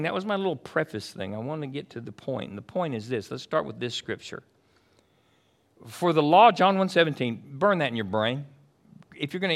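Man, pastor, sermon, emphatic, casual with listeners, loud-to-hushed swings. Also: mid-range voice. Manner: casual and chatty with the congregation.

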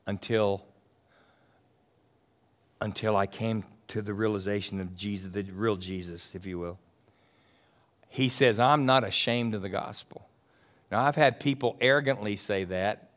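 A man from Texas with a Texan accent preaching a sermon as pastor, swinging between loud fervent passages and quiet asides. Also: on the low side, measured pace, pauses often.

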